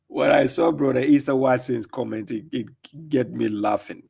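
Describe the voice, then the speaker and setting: A man from Ghana, hosting a live religious Q&A stream, reading viewer comments aloud and answering with quick retorts and many fillers. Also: mid-range voice, gravelly, a little mellow, slightly rough.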